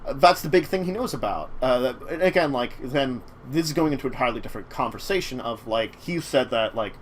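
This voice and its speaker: A man's voice: mid-range voice, lively intonation, a little fast, a little hiss or hum. A man hosting a casual chat show about tabletop games, talking in a rambling way. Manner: rambling, many fillers and restarts. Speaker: talk show host.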